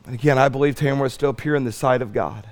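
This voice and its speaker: A man preaching a sermon as pastor, swinging from loud stretched emphasis to soft pleading. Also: medium pitch, quick pace. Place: church sanctuary.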